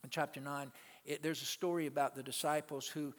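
A male pastor preaching a sermon to his congregation, swinging between loud, emphatic peaks and quiet asides and calling out to the people in the pews. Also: fairly high pitch, flat delivery, fairly quick. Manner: calls out to the congregation. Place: church sanctuary. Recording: long reverb of a large hall.

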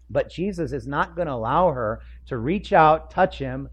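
A middle-aged man preaching a sermon, acting out the people in the story in quick joking asides. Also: fairly high pitch, expressive, a little hiss or hum. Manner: acts out the crowd and figures in quick asides, joking. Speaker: pastor. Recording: dull lo-fi sound.

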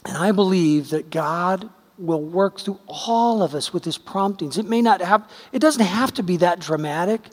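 A man's voice: high-pitched, big-room sound. A man preaching a sermon, telling stories with acted-out quotes in a conversational, emphatic way. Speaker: pastor.

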